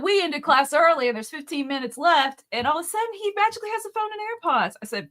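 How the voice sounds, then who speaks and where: A woman co-hosts a relaxed live talk, laughing often as she tells stories from her classroom. Her voice swings widely in pitch and stays animated throughout. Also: quick pace, hardly any pauses. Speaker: co-host, teacher. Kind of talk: casual live chat.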